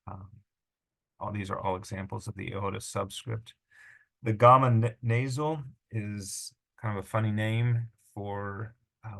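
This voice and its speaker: A man teaching a recorded lesson on Greek pronunciation, informal and patient, sounding out words slowly. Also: fairly low pitch, gravelly, a bit bright, poor audio.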